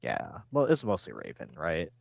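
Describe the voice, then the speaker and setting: Low-voiced man rambling through a recap. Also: huge pitch swings, normal speed, creaky. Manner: rambling, filler-heavy, acts out quotes. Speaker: podcast co-host. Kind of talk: casual episode recap.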